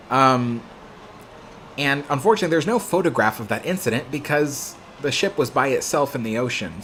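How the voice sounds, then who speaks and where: Young man, stream host, mid-pitched, lively storyteller, casual chat. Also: slight background noise. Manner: animated anecdote telling.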